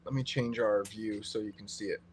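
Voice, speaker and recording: A man co-hosting a live stream, explaining in a relaxed way with many fillers. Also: fairly low pitch, a little fast, a little hiss or hum. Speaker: co-host and trader. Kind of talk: casual live-stream chat.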